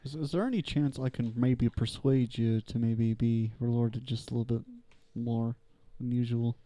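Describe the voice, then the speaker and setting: A man playing his character in a casual tabletop game, joking around with friends. His voice is mellow and dark. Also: medium pitch, fairly even intonation, normal speed, dry recording. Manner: jokey, laughing. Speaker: player. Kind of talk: casual tabletop role-play.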